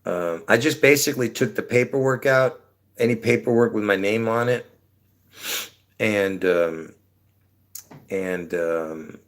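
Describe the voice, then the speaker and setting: A man's voice: on the low side, a little slow, pauses often. A man rambling casually to his viewers on a livestream from his apartment, trailing off with many fillers. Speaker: livestream host.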